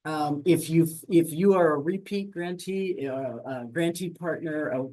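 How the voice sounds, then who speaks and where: A grants administration staff member walking viewers through an online portal in a webinar, talking fast with frequent fillers and self-corrections. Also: medium pitch, dark tone. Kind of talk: webinar screen-share walkthrough.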